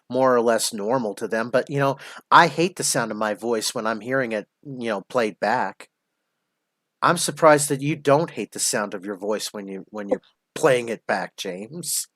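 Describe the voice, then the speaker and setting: Male stream host who lectures slowly and mocks; dry, close recording. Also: medium pitch, fairly bright tone, no echo. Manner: slow, lecturing, mocking. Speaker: show host. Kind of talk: live stream commentary.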